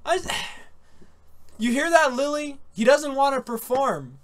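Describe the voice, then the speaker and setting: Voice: high voice, expressive, slow pace. A podcast host chatting casually about an anime, rambling and laughing often. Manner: rambling, laughs often, says dude and man.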